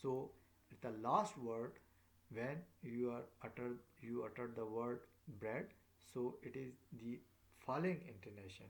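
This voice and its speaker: Man, teacher, very slow delivery, halting with many fillers, repeats phrases, recorded lecture. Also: medium pitch.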